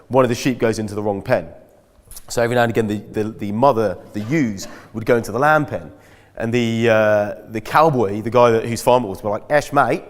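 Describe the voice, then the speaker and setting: Self-mocking man in an echoey hall. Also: medium pitch. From Britain. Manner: chatty, self-mocking storyteller. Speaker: guest speaker at a school. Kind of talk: anecdotal talk to an audience. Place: school hall.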